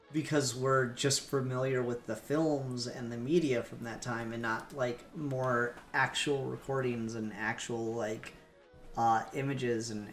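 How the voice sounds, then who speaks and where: A man's voice: medium pitch, a bit bright. A man co-hosting a podcast, rambling casually with lots of fillers and the odd swear word. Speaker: podcast co-host. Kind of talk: casual comic book discussion. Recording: echoey room with faint music.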